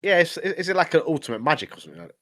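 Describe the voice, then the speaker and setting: A man's voice: a little high, sing-song, rapid-fire. A man co-hosting a podcast, recapping in rambling casual chat full of fillers. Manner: rambling recap, many fillers like obviously and mate. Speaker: podcast co-host.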